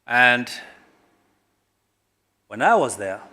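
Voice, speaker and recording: A middle-aged man from Kenya, a government guest speaker at a corporate launch, speaks emphatically and swings sharply between loud and quiet. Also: medium pitch, big pitch swings, extremely slow. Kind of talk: public speech at a corporate launch.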